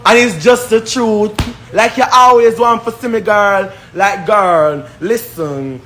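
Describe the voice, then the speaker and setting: A man's voice: high-pitched, slow, a bit bright, faint music behind. A man with a Jamaican accent, ranting on a live stream in a confrontational, repetitive, scornful way. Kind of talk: heated live-stream rant.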